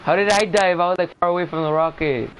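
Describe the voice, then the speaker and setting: A young man chatting casually while playing an online game, excitable and trash-talking, jumping between loud outbursts and low mutters. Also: quick pace, slight background noise, low-quality recording. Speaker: gamer. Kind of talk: casual gaming chat.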